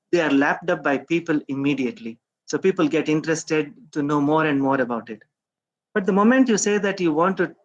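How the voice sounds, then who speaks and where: Guy giving a talk, kinda high voice, lots of uh and um, asks himself questions. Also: muffled recording. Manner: reflective, rhetorical questions, frequent hesitations. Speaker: speaker at a science outreach event. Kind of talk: conference talk.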